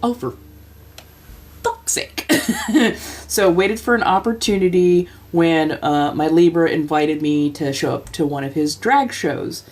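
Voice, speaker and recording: A woman in her forties hosting a livestream speaks in a low, slightly mellow voice at a moderate pace, barely pausing. Chatting casually, she spins a long personal story, laughing a lot and performing the voices of its characters.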